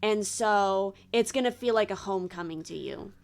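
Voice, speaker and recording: A woman's voice: mid-range voice, normal speed, creaky. A young woman reads tarot cards aloud for her viewers in a casual, chatty way. She moves between card texts and loose asides full of "you know.". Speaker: tarot reader.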